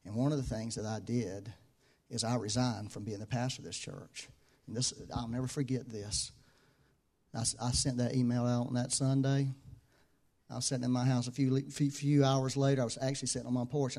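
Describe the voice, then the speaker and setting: A pastor preaches a sermon conversationally, with a flat, fairly quick delivery. In reflective stretches his voice sinks low and soft, then rises loud and high for emphasis, and he repeats key phrases to hammer them home.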